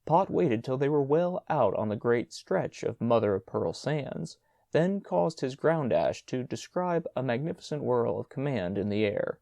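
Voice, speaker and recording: A man reading a classic story aloud as an audiobook, his delivery lively and full of rises and falls. His tone is mellow, and the recording is dry and close with no room sound. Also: mid-range voice, a little slow, creaky, no echo. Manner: expressive storytelling. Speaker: narrator.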